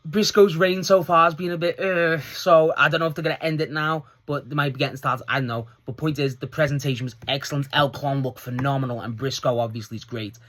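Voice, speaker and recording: A man casually reviewing a wrestling show on his own, excitable and swearing freely as he recounts the segments. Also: fairly high pitch, a little fast, hardly any pauses.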